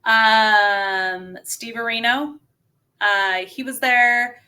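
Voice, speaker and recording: A woman wrestler tells a story on a podcast in an animated, laughing way, full of fillers. Her voice sits a bit high and sounds bright and forward. She talks at an unhurried pace. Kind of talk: casual storytelling.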